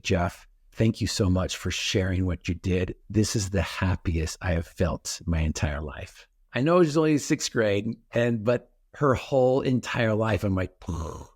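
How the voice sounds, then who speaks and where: Animated man telling stories. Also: fairly low pitch, no echo, clean studio sound. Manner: animated storyteller, acts out his own reactions. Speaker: guest speaker. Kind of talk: storytelling in a podcast interview.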